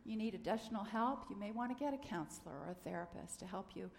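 A middle-aged woman giving a gentle, earnest sermon, sometimes dropping to a soft near-whisper. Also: medium pitch, expressive, quick pace, gravelly, a little hiss or hum. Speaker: minister. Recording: long hall reverb.

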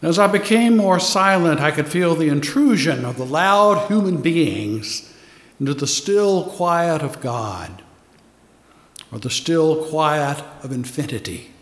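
A man giving a meditative sermon, speaking slowly and softly with long pauses. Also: fairly high pitch, expressive. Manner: slow, soft and unhurried, with long pauses. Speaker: spiritual teacher. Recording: echoey hall with long reverb.

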